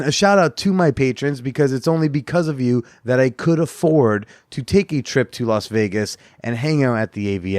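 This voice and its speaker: A man hosting a podcast in casual chat, his voice hoarse and blown out, chatty and self-mocking, laughing often. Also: mid-range voice, dry recording, clean studio sound. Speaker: podcast host.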